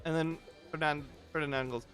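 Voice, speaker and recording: A man running a tabletop game as dungeon master, narrating with animated, shouty energy. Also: a little high, fast talker, soft background music.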